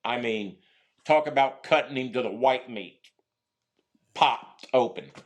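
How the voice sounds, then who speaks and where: Rambling middle-aged man telling stories. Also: mid-range voice. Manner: rambling, halting, many restarts and fillers. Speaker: guest, former prisoner. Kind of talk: casual storytelling interview.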